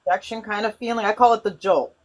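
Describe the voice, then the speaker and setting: A woman hosting a spiritual conversation who tells stories in an animated way, with frequent restarts. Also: mid-range voice, quick pace, low-quality recording. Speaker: host.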